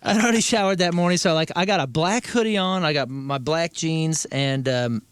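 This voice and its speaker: A man's voice: on the high side, moderate pace, a bit bright, clean tone, dry recording. A man co-hosting a talk show, telling a long story in casual banter, stammering and acting out quotes. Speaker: radio show co-host.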